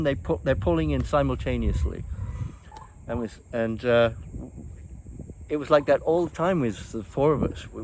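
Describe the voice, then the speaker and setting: A man's voice: medium pitch, a little mellow, a little hiss or hum. An older man hosting a show, telling rambling stories from his past in a casual way, with frequent chuckles and restarts. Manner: rambling, chuckles often, many fillers and restarts. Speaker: host. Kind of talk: casual reminiscing storytelling.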